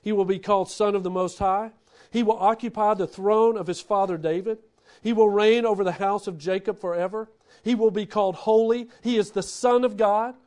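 A man preaching a sermon, who swings between loud, animated bursts and hushed, quiet lines. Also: high-pitched, normal speed. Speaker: pastor.

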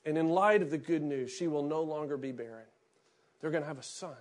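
High-voiced pastor preaching. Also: male voice, fairly quick. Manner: reads scripture aloud, then preaches in a conversational, anecdotal way. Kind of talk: sermon with scripture reading.

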